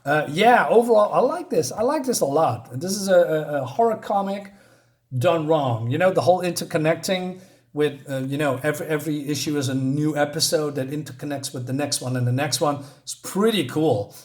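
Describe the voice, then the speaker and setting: A man's voice: on the high side, lively intonation, brisk. A man casually reviewing a comic, chatty and loose, with many fillers and asides.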